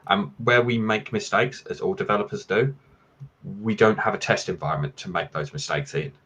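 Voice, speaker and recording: Male guest, very low and husky voice, measured explainer, video-call audio. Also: bright, forceful tone, dull audio. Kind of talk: casual panel discussion.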